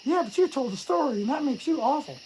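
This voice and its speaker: Man doing a shrill whiny scold. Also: expressive, fast talker, darkish tone, slight background noise, low-quality recording. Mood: sulky. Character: whiny offended viewer scolding the host.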